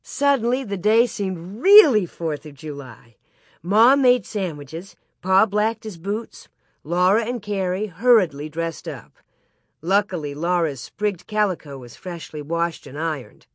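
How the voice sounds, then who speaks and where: Storybook narrator, even clear reading, close mic, dry sound. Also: medium pitch, measured pace, no room sound. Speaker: audiobook narrator.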